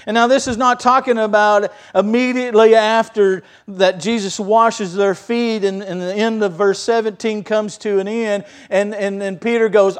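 A man preaching a sermon as pastor, telling the story vividly and swinging between loud stresses and quiet asides. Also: sits high, steady tone, normal speed, hardly any pauses, smooth.

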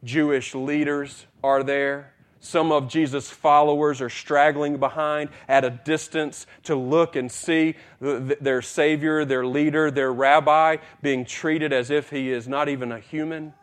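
A male preacher delivering a dramatic sermon. His voice sits slightly high and swings from forceful proclamation to near-hushed retelling. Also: fairly even intonation, unhurried, hardly any pauses, clean tone. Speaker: pastor.

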